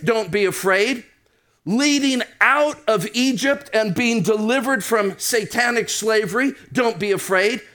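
A man preaching a sermon, reading scripture and slowing down and rising for emphasis. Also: very high-pitched, fairly bright tone.

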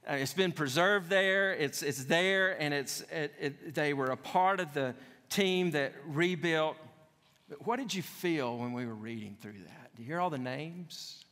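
A man's voice: fairly high pitch, unhurried, pushed and bright. A man preaching a sermon as pastor, repeating key phrases for emphasis with conversational asides to his congregation. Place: church sanctuary. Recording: long hall reverb.

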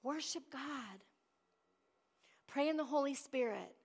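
High-voiced woman pastor preaching. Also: expressive, slow. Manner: preachy call-and-response, acts out Bible voices. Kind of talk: sermon.

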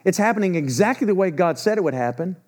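A man in his sixties preaching a sermon, emphatic, swinging between loud urgency and low, grave warnings. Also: expressive, fast. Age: 60s.

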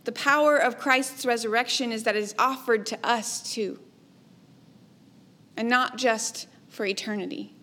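A woman preaching a sermon, her voice sitting a little high for a woman. She speaks slowly and deliberately, with a measured, reflective delivery and softly trailing endings.

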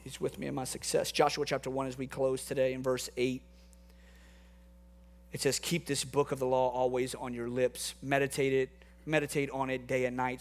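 A man preaching a sermon to a congregation in a church room, impassioned, repeating phrases for emphasis. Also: mid-range voice. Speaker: pastor.

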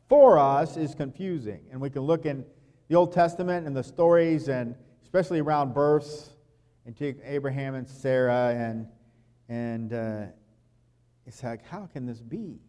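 A man with a somewhat high voice preaches a sermon in a loose, conversational way. He drops into quiet asides and acts out little quoted lines. The recording carries a long, ringing hall reverb. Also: a little slow. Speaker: pastor.

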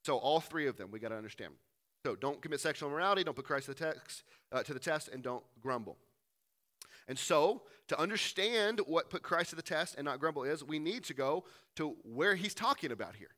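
Man preaching with a bright, crisp voice. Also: fairly high pitch, expressive, a little fast. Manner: reads verses aloud and asks rhetorical questions. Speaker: pastor. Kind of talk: sermon, teaching through scripture.

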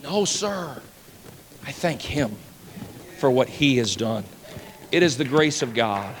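A man preaching a sermon as pastor, emphatic and repetitive, swinging between loud declarations and hushed asides. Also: mid-range voice, animated, slow, a little hiss or hum. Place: church sanctuary. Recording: long church-hall reverb.

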